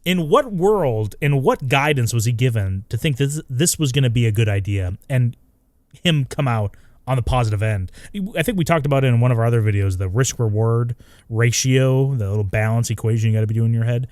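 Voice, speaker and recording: A man co-hosting a casual podcast, joking around and breaking into quick impressions. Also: medium pitch, dry recording, clean studio sound. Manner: animated, jokey, does quick voice impressions. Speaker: podcast co-host.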